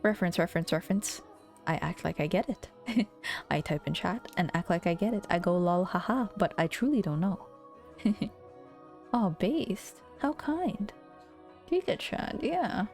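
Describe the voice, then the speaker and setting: A woman's voice: lowish voice, lively intonation, moderate pace, a little mellow, faint music behind. A young woman from the Philippines with an American accent, chatting playfully on a live stream, laughing often and swearing casually.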